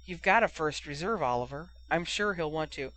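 A reader voicing a hesitant young man who talks slowly and uncertainly in a storybook reading. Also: a little high, expressive, bright, forceful tone, poor audio. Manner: hesitant, slow.

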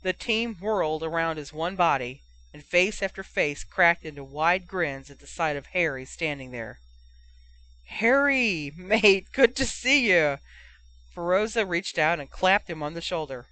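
Bright, steady storybook narrator. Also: medium pitch, normal speed, hardly any pauses, low-quality recording. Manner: steady storytelling, voicing each character. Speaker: audiobook narrator. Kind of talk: scripted narration of fan fiction.

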